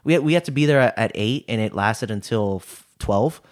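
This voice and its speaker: A man's voice: fairly low pitch, expressive, brisk. A young man co-hosting a podcast, chatting casually, rambling with restarts and swearing freely. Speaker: podcast co-host. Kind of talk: casual chat.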